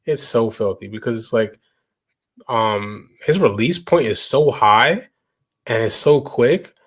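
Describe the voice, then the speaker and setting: A man's voice: medium pitch, slow, husky. A young man from Canada hosting a reaction video, talking casually and emphatically, often repeating himself for stress. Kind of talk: casual commentary.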